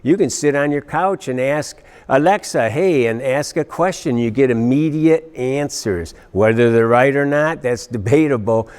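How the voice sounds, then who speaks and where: A man's voice: medium pitch, moderate pace, hardly any pauses, darkish tone, smooth. Chatty man teaching from the pulpit. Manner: conversational, with frequent fillers and repeated "right?"; acts out everyday cravings in quoted voices. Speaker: pastor. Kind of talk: teaching sermon.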